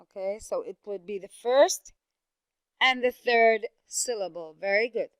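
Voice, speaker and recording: A woman teaching an English pronunciation lesson, speaking slowly and repeating words with careful stress. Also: mid-range voice, clean tone, no room sound.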